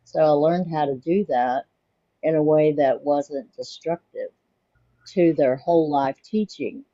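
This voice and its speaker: Reflective woman, dark muffled sound. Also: deep voice, unhurried, dry recording. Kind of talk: spiritual casual chat.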